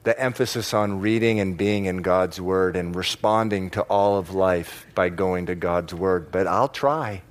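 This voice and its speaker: A man preaching a sermon to a congregation in church, stressing key words by slowing down and repeating phrases. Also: sits low, steady tone. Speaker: pastor.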